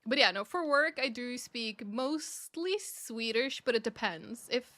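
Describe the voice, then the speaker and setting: A woman's voice: fairly high pitch, lively intonation, unhurried, pushed and bright. A woman from Norway chatting casually with friends while streaming a game, laughing often. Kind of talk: casual chat while gaming.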